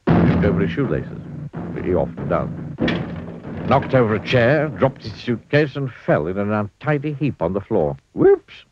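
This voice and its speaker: A man reading a children's storybook aloud in a playful, expressive way. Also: fairly low pitch, normal speed, background noise. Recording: dull lo-fi dry recording.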